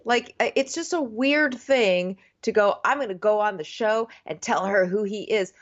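A woman co-hosting a casual chat about a TV show, wry and expressive, sometimes quoting people in put-on voices. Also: medium pitch, normal speed. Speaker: podcast co-host. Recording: dull lo-fi sound.

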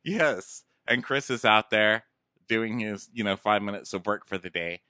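A man's voice: lowish voice, a little slow, pushed and bright, no room sound, studio quality. A man co-hosting a casual recap chat, sarcastic and crude in a mocking way. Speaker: podcast co-host.

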